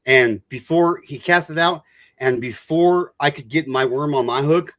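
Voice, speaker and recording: A man's voice: on the high side, unhurried, fairly bright tone, no room sound. A man in casual group chat, telling a boastful fishing story and swearing freely. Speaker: streamer.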